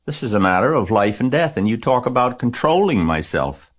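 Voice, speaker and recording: A man's voice: deep voice, expressive, normal speed, husky. A man reading aloud and voicing a passionate, tearful eight-year-old farm girl who pleads and shrieks. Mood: distressed.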